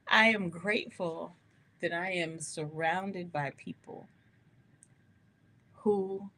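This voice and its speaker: A woman hosting a live gospel radio show, talking to listeners in an animated, candid way and laughing often. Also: lowish voice. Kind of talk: live-streamed radio talk, testimony.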